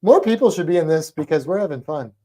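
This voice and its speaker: A chatty man co-hosting a casual livestream, talking in a mellow, relaxed tone. He rambles playfully from one aside to the next and stumbles over tricky names. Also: on the high side, fast. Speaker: podcast co-host.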